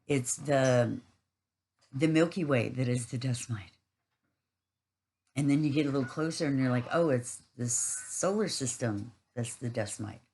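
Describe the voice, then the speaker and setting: A woman's voice: extremely low pitch, a little mellow, rough recording. A woman giving a rambling, casual spiritual monologue, earthy and swearing freely.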